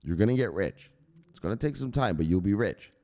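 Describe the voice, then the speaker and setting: A man hosting a crypto news show as a casual livestream, hyped and profane, shouting out viewers. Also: on the low side, expressive, brisk. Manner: talks straight to viewers, gives shout-outs. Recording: echoey room with long reverb.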